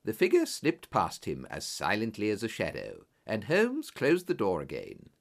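Expressive male audiobook narrator. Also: fairly low pitch, moderate pace, gravelly. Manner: expressive storytelling.

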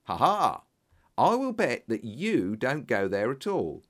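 A man doing an effusive, flattering businessman. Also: mid-range voice, slow pace, heavily acted. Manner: exclamatory, flattering, animated. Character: eager, effusive older male businessman. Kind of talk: audiobook character voice.

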